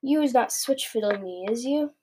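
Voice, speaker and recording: Woman doing a loud brutish giant. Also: on the high side, lively intonation, moderate pace, slight background noise, lightly acted. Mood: suspicious. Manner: loud, sneering and bullying. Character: huge brutish man-eating male giant, greedy and rude.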